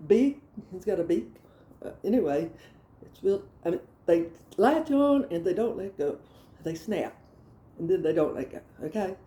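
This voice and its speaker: A woman's voice: on the low side, animated, normal speed, warm tone. A woman telling rambling comic childhood stories, breaking into exasperated rants. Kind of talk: casual comedic storytelling. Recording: echoey room.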